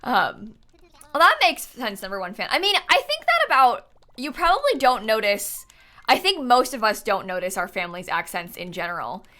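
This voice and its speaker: Lively, bright-voiced young woman streamer. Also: fairly high pitch, normal speed. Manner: chatty and animated, laughs often, answers chat. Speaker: live streamer. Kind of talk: casual live-stream chat while gaming. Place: home setup, lives in Florida.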